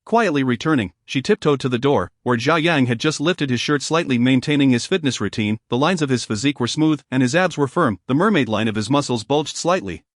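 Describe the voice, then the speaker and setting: A man giving steady, smooth audiobook narration of a romance novel. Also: medium pitch, brisk, few pauses, no room sound, clean studio sound.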